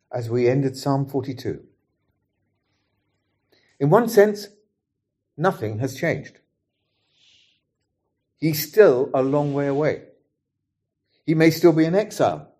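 Slow, mellow-voiced male preacher. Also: fairly high pitch, lively intonation, slightly rough. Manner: measured, earnest delivery, reading scripture and leading prayer. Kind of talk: sermon.

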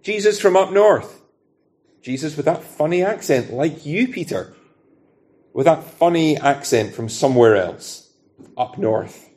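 Scottish preacher, talking through a Bible passage. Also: male voice, fairly high pitch, expressive, a little slow, a little mellow. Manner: conversational, asks rhetorical questions. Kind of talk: expository sermon.

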